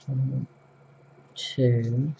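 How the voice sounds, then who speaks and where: An Australian woman in middle age, just over the flu, talks slowly and chattily as she works on a craft project at home. She wanders off track, fills pauses with ums and corrects herself as she goes. The home recording sounds dull and lo-fi. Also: a bass voice, level tone, creaky, mellow, slight background noise. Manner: rambling and chatty, with many ums and self-corrections. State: recovering from flu. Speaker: craft vlogger. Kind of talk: casual craft tutorial chat.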